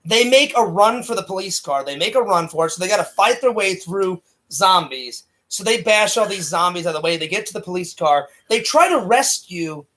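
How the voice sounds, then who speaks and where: A man co-hosting a casual film review chat, excitable and loud, acting out lines as he retells scenes, on a home mic in a small room. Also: high voice, a little fast, few pauses. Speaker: co-host reviewing films.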